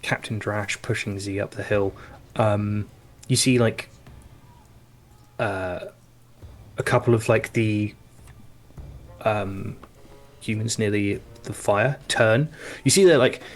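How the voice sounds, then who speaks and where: A man narrating as game master of a tabletop game, who pauses often as he searches for the words to describe each scene. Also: fairly low pitch, slight background noise.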